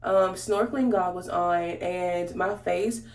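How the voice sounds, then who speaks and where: A woman's voice: on the low side, steady tone, slow pace. A woman beauty vlogger telling a story in casual, slangy chat while she does her makeup, talking straight to her viewers. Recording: roomy echo.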